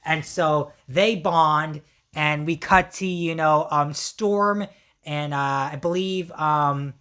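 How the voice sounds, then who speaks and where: A woman reviewer giving an excited, casual recap, her voice strained from yelling. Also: sits low, takes it slowly. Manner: excitable, many fillers and slang.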